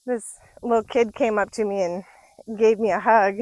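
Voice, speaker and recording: Slow-talking woman in her forties. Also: medium pitch, fairly even intonation, a little mellow, no room sound, rough recording. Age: 40s. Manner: chatty, laughs often. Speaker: vlogger. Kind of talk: casual storytelling. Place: outdoors on a nature walk.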